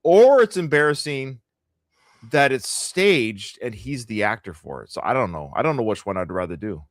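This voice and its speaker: A man's voice: mid-range voice, very animated, normal speed, no room sound. A middle-aged Canadian man co-hosting a live podcast, chatting casually with a joking, rambling, sarcastic manner. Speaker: podcast co-host.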